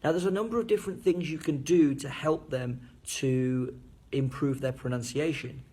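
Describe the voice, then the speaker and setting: A man teaching fellow teachers at a board, speaking clearly and enunciating each syllable as he demonstrates. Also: mid-range voice, normal speed, mellow. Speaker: English teacher. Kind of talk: teacher training lesson at a board.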